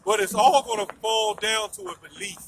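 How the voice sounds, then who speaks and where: A man's voice: high-pitched, sing-song, brisk, vocal fry, recorded from a distance, background noise. A man preaching in a street debate, emphatic, asking questions and repeating his phrases.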